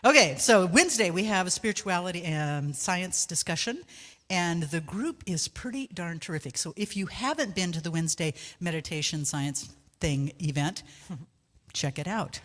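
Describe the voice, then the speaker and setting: A woman's voice: on the low side, animated, normal speed, a bit bright, in a large hall. A woman giving church announcements as volunteer coordinator, chatty and joking, often correcting herself.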